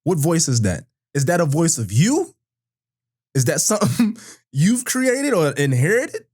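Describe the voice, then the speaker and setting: A man's voice: a little high, sing-song, measured pace, darkish tone. A man co-hosting a casual podcast, easygoing and reflective as he reads questions aloud. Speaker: podcast co-host.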